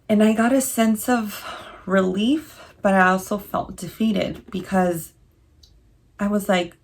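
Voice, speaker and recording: Young woman vlogger, low and gravelly, earnest and confiding, talks straight to camera. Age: 20s. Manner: earnest, confiding, halting with emotion. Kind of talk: candid personal vlog.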